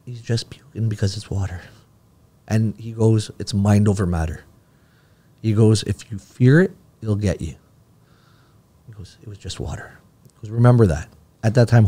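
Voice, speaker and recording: A man's voice: lowish voice, warm tone. A man, a podcast guest telling a long personal story in casual talk and acting out the dialogue.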